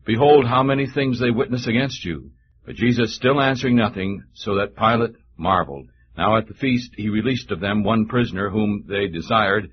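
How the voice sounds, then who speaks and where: A man reading a long scripture passage aloud in a measured, solemn way for a church radio broadcast. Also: lowish voice, dull audio. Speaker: scripture reader.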